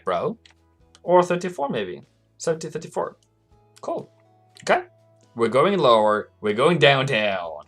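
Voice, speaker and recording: A man's voice: mid-range voice, sing-song, unhurried, pauses often, soft background music. A man hosting a live forex trading stream, chatting casually with viewers and laughing often as he talks through charts. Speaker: forex trading livestream host.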